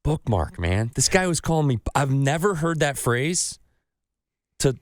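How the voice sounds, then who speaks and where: A man's voice: a little high, a little slow, no room sound, studio quality. A man hosting a casual podcast, telling stories with lots of swearing and acting out other people's voices. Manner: animated storytelling, acts out voices of others, swears freely. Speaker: podcast host.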